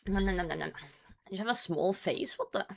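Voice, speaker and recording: A woman streamer chatting casually with her viewers and reading their messages aloud, her voice worn and hoarse from a cold. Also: mid-range voice, animated, a little fast. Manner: loose and chatty, swears, reads chat aloud and laughs. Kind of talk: casual livestream chat.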